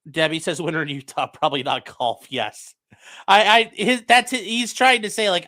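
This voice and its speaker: Man, young adult, livestream host, casual crude banter, bright tone, a bit high-pitched. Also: sing-song, normal speed. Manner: loose, joking and crude, reads chat aloud. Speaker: livestream host reacting to a trial. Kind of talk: casual late-night livestream chat. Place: home.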